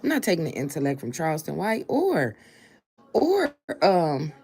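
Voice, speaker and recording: Emphatic woman giving opinions, husky. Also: low voice, huge pitch swings, normal speed, darkish tone. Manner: emphatic, repeats points for stress. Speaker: commentary show host. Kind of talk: opinion commentary.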